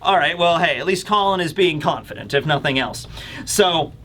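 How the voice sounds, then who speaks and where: A man's voice: a little high, expressive, normal speed, a bit bright, a little hiss or hum. A man hosting a casual manga chapter review, chatty and laughing, swearing casually. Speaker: host.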